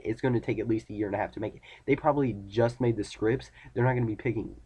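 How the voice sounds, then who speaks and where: Talking fast with hardly any pauses, a teenage boy vlogs an irritated, rambling rant, replaying conversations with friends. His male voice is lowish and mellow, with a breathy edge.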